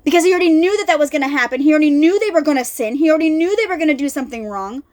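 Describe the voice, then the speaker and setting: A woman with a high, light voice talks about faith in a loose, chatty way. She is animated and keeps circling back on her words, calling her viewers y'all. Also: very fast. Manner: animated, chatty, repeats herself. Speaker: faith vlogger. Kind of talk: casual Bible talk. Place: lives in an RV.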